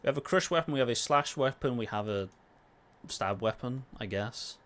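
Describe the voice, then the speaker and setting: A young man talking casually on a game livestream, answering viewer questions as he plays. His voice sits at an ordinary middle pitch, and he swears freely in a relaxed way. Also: normal speed. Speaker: gaming livestreamer.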